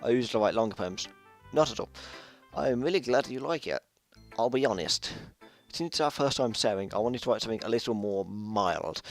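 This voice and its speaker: A shy, bookish teenage girl who explains writing in a careful, measured way, as a man reads her lines aloud. The voice sits at a middle pitch with a gravelly edge. Faint game music plays behind it. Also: expressive, natural voice. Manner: measured, explanatory, slips into an odd accent. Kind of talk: reading video game dialogue aloud.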